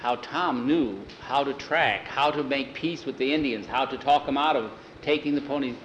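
A man's voice: mid-range voice, normal speed, a bit bright, dull audio, a little hiss or hum. Homespun male storyteller. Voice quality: homespun, repeats "he says" often. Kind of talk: reading a western story aloud.

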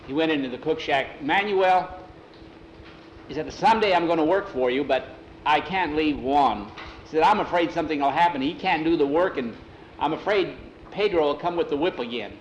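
A man telling a story aloud in a relaxed, folksy way, dropping into broken-English voices for the characters. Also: medium pitch. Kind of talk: oral storytelling, voicing characters. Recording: roomy, faint ambient noise.

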